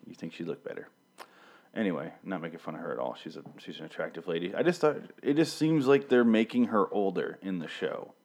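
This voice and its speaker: A man's voice: sits low, animated, a little fast, a little mellow. A man in his thirties hosting a solo review show into a studio mic, rambling and irreverent, with frequent swearing. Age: 30s. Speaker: podcast host reviewing a TV show. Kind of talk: casual, profane solo commentary. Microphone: studio mic with pop filter.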